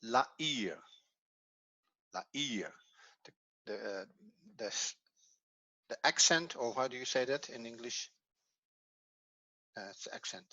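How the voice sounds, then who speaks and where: A middle-aged man teaching a grammar lesson, explaining slowly and step by step, a non-native English speaker whose first language is Dutch. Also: medium pitch, animated, sharp tone, dry recording, dull audio. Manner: slow, methodical explaining step by step. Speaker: Hebrew teacher.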